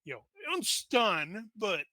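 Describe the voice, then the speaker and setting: A man playing a tabletop game, talking quickly and jokingly, with frequent restarts. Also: high-pitched, expressive, pushed and bright, no room sound. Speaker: player. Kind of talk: casual tabletop game chat.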